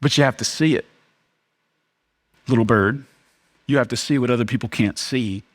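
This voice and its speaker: A man preaching a sermon as pastor, chatty and conversational, swinging between lively emphasis and hushed, slow moments. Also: medium pitch. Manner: casual, conversational preaching with many fillers.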